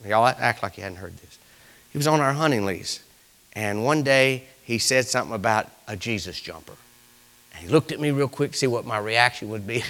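Lively preacher man, bright voice. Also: medium pitch. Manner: folksy storytelling preaching, swelling to shouts. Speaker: pastor. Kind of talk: sermon.

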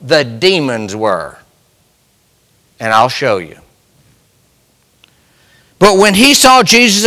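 A man's voice: high voice, sharp tone. A man preaching a sermon with passion, putting rhetorical questions to the congregation. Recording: long hall reverb.

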